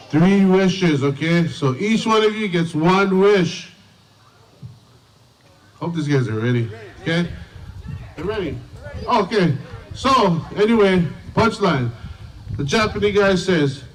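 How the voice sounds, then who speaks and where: High-voiced man telling a joke to an assembly. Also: lively intonation, unhurried, long pauses. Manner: chatty, many fillers, loud shouts to the crowd. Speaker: school assembly emcee. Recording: distant mic, crowd noise.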